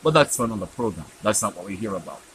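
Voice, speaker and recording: A man from Jamaica, host of a spiritual teaching program, telling stories and acting out dialogue with sharp jumps in his pitch. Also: lively intonation, rapid-fire, a little hiss or hum, rough recording.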